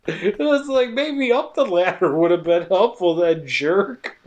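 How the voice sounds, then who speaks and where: A man in casual comedic chat, recapping a film with crude jokes and quick acted-out lines. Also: sits high, expressive, a little mellow, highs cut off. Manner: jokey, crude, acts out characters in quick asides. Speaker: podcast co-host recapping a film.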